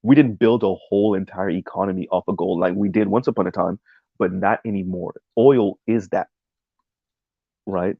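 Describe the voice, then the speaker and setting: Low, gravelly male streamer: loose, rambling talk, reads chat aloud, full of "um" and "right?", on a dull lo-fi mic. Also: moderate pace, no echo. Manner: rambling, many "um"s and "right?" tags. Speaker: streamer reacting to a video essay. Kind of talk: casual livestream commentary, reading chat.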